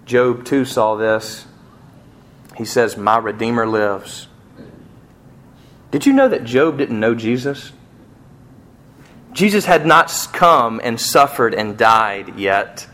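A man's voice: mid-range voice, big pitch swings, takes it slowly, long pauses. Man preaching with passionate swings. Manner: passionate storytelling, swinging from hushed to near-shouting. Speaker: pastor. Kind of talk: sermon.

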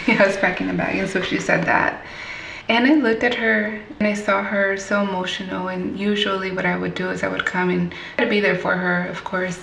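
A woman speaks candidly about her past in a gravelly voice with a touch of vocal fry, sitting a little back from the mic. The room is echoey and there is a faint hum of ambience. She stays reflective and laughs lightly at hard memories. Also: mid-range voice, little pitch movement, a little fast, fairly bright tone, far from the mic. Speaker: interview guest. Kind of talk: personal storytelling in conversation.

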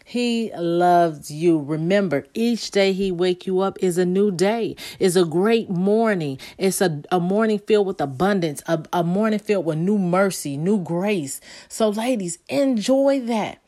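A woman's voice: fairly low pitch, a little slow, few pauses, warm tone. A woman who speaks, leading a devotional talk in a fervent, repetitive preaching style with spoken prayers. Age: adult.

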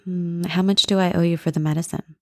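A woman's voice: on the low side, flat delivery, brisk, dark tone, dry recording, clean studio sound. Woman retelling as an anxious old widower. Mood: worried. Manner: hesitant, worried questioning. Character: grieving older widower, anxious and bewildered.

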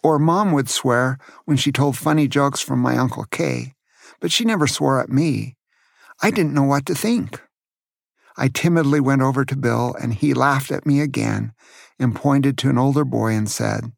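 An older man from California, a grandfather telling children about his youth in a gentle way and asking them questions. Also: medium pitch, normal speed, gravelly, no echo, studio quality. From Santa Cruz, California. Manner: gentle, asks the listener questions. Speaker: grandfather storyteller. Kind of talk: storytelling to children.

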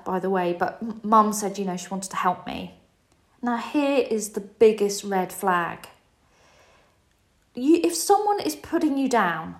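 A woman in her forties, host of a podcast, telling a personal story in a candid, emotional, confessional way. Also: medium pitch. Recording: roomy echo.

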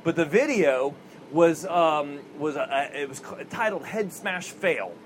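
High-voiced guy preaching outdoors at a racetrack, folksy and chuckly, faint traffic noise behind. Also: lively intonation, unhurried. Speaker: racetrack chaplain. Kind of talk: outdoor chapel sermon.

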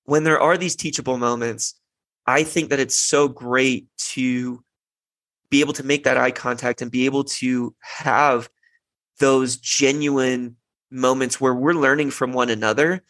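A man's voice: mid-range voice, steady tone, measured pace, fairly bright tone, no room sound. A young man hosting a parenting podcast, talking earnestly in a reflective casual monologue, with frequent restarts and fillers. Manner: earnest, many restarts and "you know" fillers.

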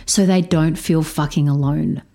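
A woman's voice: low voice, fairly even intonation, unhurried, mellow. Frank, swearing podcast host woman. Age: adult stepparent. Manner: frank, profane, emphatic. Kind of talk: solo podcast monologue.

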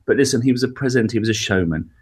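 A man being interviewed as a guest comedian and musician, talking in a rambling, animated way with many restarts. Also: medium pitch, very fast, slightly rough. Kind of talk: radio interview conversation.

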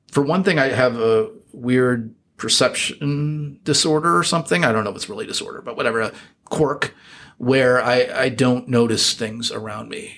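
A man's voice: medium pitch, gravelly, a bit bright, a little hiss or hum. A middle-aged man with an American accent, chatting reflectively as an interview guest, full of fillers and restarts. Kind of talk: casual interview chat.

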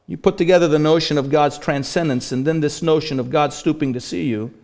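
Male pastor, slightly high voice, earnest radio sermon with loud-to-hushed swings. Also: a little fast, creaky. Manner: earnest preaching that swings between loud emphasis and hushed gravity.

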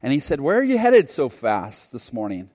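A man voicing a calm, friendly highway patrol officer who speaks gently and without hurry. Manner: gentle, unhurried, kindly. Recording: long hall reverb.

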